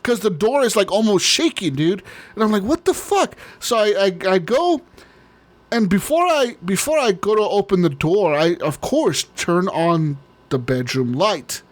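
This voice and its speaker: A man's voice: sits high, expressive, normal speed. A man co-hosting a podcast, telling a long story in casual chat, rambling, swearing often and laughing. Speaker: podcast co-host.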